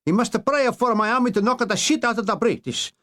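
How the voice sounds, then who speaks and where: A man's voice: extremely high pitch, brisk, pushed and bright, voice pushed up. A man voicing a pompous, panicky male dictator with a comic Italian accent. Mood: blustering. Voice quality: bombastic, panicky.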